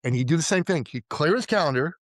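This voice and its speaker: A man from Iran talking as a guest in a casual interview. His voice sits a little high for a man, and he is recorded dry and close. He tells his stories with energy and slips into the voices of the people he quotes. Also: fast, no room sound. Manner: animated storyteller who acts out quoted voices and often says "like" and "right?". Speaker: podcast guest, entrepreneur.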